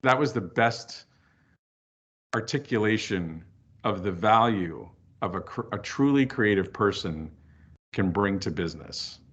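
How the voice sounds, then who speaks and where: A man's voice: on the low side, a little slow, slightly rough. A man, a filmmaker and author being interviewed, talking candidly and telling stories. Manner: candid, storytelling, lively asides. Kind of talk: casual interview chat. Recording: dull lo-fi audio.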